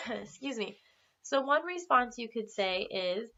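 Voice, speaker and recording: Woman teaching slow English phrases. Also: fairly bright tone. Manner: slow, careful modeling of phrases for repetition. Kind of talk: classroom language lesson. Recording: slightly muffled low-fidelity recording.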